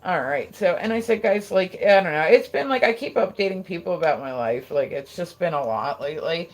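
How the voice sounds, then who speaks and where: Here a live streamer with a New Jersey accent rambles into a phone, swearing liberally and jumping between tangents. The mid-range voice is expressive and runs a little fast.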